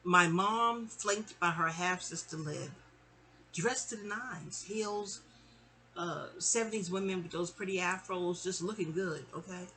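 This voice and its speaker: A middle-aged woman from New York tells a personal story to the camera in a loose, chatty storytime monologue. Her voice is bright and forward. She talks in an animated way and keeps slipping into other people's voices as she goes. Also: lowish voice, measured pace, a little hiss or hum.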